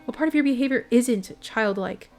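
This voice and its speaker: A stern young king, read by a woman in a storybook, curt and clearly out of patience with his little brother. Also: a little high, normal speed, a little mellow, soft background music, natural voice. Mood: cutting.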